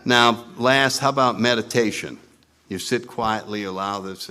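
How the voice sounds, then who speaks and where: Speaking slowly in a low voice over slight background noise, a man tells his story to a recovery meeting. He mocks himself wryly and animatedly acts out his old lines in put-on voices.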